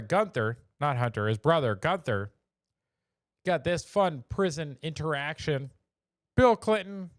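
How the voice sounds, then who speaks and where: A man's voice: fairly high pitch, dry recording, clean studio sound. A man hosting a casual live show, joking about memes in a chatty way and laughing at his own jokes. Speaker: show host.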